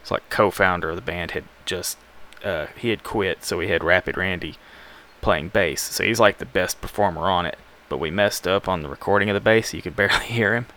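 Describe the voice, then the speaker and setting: A man's voice: deep voice, a little fast, bright, forceful tone. A man from Alabama, hosting a music show in a rambling, laid-back, self-deprecating way. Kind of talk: casual radio show chat.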